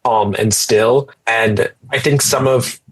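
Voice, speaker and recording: A man's voice: mid-range voice, steady tone, slow, breathy edge. A man co-hosting a casual discussion, hesitant and restarting often as he checks his notes. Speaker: podcast co-host.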